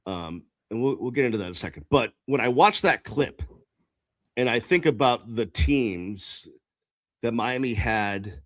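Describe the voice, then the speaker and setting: A man hosting a sports podcast, talking in a casual, measured, reflective way with frequent fillers. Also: mid-range voice, no echo. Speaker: podcast host.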